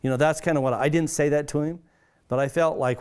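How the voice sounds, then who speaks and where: A man's voice: fairly high pitch, clear, resonant tone. A man, a pastor, earnestly recounting his own story, with frequent restarts and livelier tones when quoting others. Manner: earnest, halting, with many restarts. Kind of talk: personal testimony storytelling.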